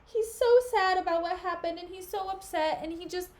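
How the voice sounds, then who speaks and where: A woman's voice: fairly even intonation, fairly quick, slight background noise. A woman voicing an earnest young noble wife who pleads and gushes in a raised voice during a live-stream reading. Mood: pleading. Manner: high, gushing and insistent.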